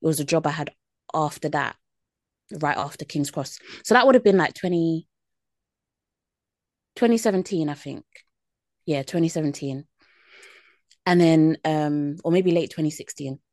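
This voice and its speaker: A woman's voice: low-pitched, moderate pace, pauses often, darkish tone, dry recording, clean studio sound. A woman, co-hosting a podcast and telling stories in a laid-back way with many fillers. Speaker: podcast co-host. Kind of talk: casual chat.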